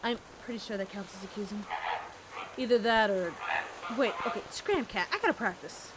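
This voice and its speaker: A woman's voice: medium pitch, expressive, normal speed, very noisy, close to an everyday voice. A woman voicing a dramatic flamingo dancer in a detective game, haughty and indignant, with a wobbly attempt at a southern drawl. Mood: huffy.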